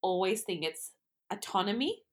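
In casual podcast conversation, a young Australian co-host speaks at normal speed in an expressive, mid-range voice. She's self-deprecating and giggly, often stumbling over what she says.

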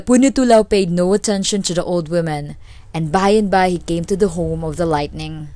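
A woman narrating a folk tale in a steady, clear read-aloud manner. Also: fairly low pitch, a little fast. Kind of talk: storytelling narration.

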